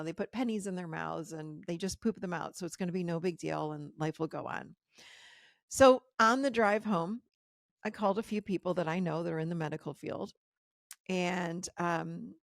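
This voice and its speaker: A woman hosting a podcast, telling a personal story in an animated way, her voice jumping high when she quotes her own shock. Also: gravelly, no room sound, studio quality. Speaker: podcast host.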